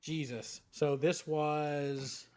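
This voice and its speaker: A man's voice: on the high side, steady tone, drawn-out words, a little mellow. Man retelling last night's drama. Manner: recounting events, conversational. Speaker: show host. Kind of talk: casual stream chat.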